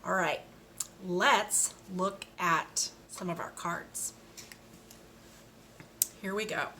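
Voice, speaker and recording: A woman giving a slow, patient speech lesson to a child, modeling each sound with care. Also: on the low side, sharp tone, a little hiss or hum. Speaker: speech therapist.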